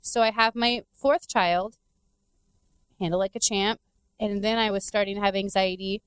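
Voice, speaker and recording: A woman in her thirties telling a personal story in candid, animated casual chat. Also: mid-range voice, normal speed, clean tone, no room sound. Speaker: guest sharing her story.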